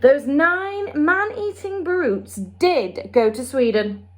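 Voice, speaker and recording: A woman reading the part of a brisk, commanding queen, speaking in a regal, clipped way. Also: sits high, animated, voice pushed up.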